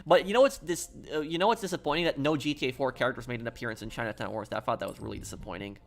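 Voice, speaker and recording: A man's voice: mid-range voice, rapid-fire, gravelly. A man streaming a game and chatting casually with his viewers, rambling and repeating himself as he tells a story. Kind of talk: casual live-stream chat while gaming.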